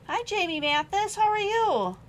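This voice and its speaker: A young adult woman hosts a live-streamed craft supply sale from home, chatting as she reads stamp sentiments and their prices aloud. Her voice is very high and sing-song at a moderate pace. The audio is poor, with a slight hiss or hum.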